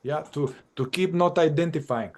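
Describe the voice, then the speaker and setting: A male psychotherapist with a somewhat higher voice for a man talks in an unscripted, conversational way. He is animated, thinking aloud and circling back through repeated phrases as he explains his methods. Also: normal speed. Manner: animated, acts out exchanges with clients. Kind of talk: conversational dialogue on spiritual practice.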